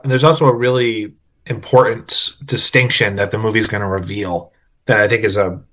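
A man's voice: lowish voice, steady tone, moderate pace, fairly bright tone. A man co-hosting a casual film discussion podcast, recapping the plot with opinionated asides. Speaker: podcast co-host.

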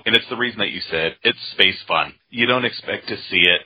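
A man's voice: mid-range voice, expressive, fast, hardly any pauses, husky, lo-fi sound. A man co-hosting a casual film podcast, talking about what he loves with easy enthusiasm. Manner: enthusiastic, laughs easily. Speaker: podcast co-host.

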